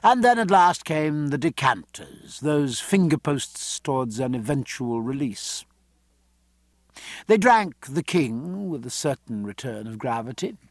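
Male audiobook reader, expressive and animated, dry studio sound. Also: mid-range voice, unhurried, no echo. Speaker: audiobook narrator. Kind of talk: scripted narration.

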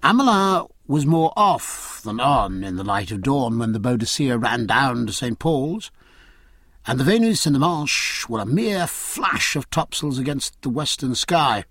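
Male audiobook narrator, husky, animated intonation. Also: medium pitch, measured pace, dry recording, studio quality. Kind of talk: scripted narration.

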